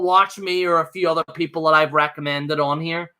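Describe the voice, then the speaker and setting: A man's voice: on the high side, steady tone, fairly quick, sharp tone. A man hosting his own livestream, rambling in a fired-up, jokey rant. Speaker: livestream host.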